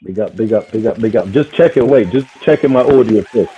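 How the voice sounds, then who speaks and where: A man's voice: lowish voice, brisk, dark tone, slight background noise. A man joining the chat remotely as a guest, checking his audio. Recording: dull muffled call audio.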